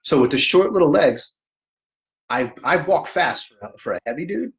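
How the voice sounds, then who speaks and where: Streaming casually from home, a middle-aged host jokes at his own expense and speaks straight to his audience. He sounds slightly high and animated at a moderate pace, on a low-quality recording.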